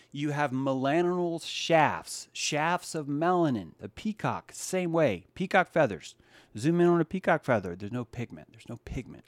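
Animated man ranting on a livestream. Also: no room sound. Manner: animated, swings from loud mocking rants to low asides; greets chat viewers by name. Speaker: livestream podcast host. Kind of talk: casual livestream monologue.

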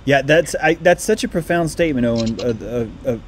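A man hosting a casual podcast, speaking hesitantly with many halting fillers. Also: mid-range voice, slight background noise.

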